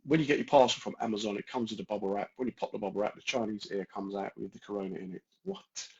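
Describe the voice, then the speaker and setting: A man's voice: fairly low pitch, steady tone, rapid-fire, muffled recording. A man with a London accent hosting a casual live stream from home, joking and greeting viewers by name. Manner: straight-talking, jokey, addresses viewers by name.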